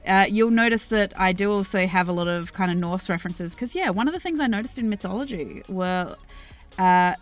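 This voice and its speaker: This Australian streamer and worldbuilder has a fairly low, gravelly voice. She responds to her live chat casually and thoughtfully, rambling with plenty of ums and false starts while faint music plays behind her.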